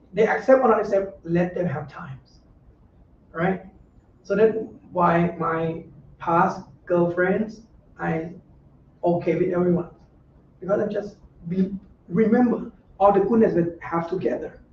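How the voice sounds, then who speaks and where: High, mellow-voiced monk heard from afar. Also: male voice, a little slow, a little hiss or hum. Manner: simple, repetitive phrasing with frequent rhetorical checks; gentle, conversational advice. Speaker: Buddhist monk teacher. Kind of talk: informal dharma talk. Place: meditation center room. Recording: roomy echo, distant dull lo-fi mic.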